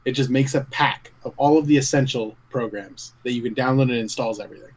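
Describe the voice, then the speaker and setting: A man's voice: mid-range voice, quick pace, low-quality recording. A man co-hosting a casual gaming podcast, laid-back and joking. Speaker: podcast co-host.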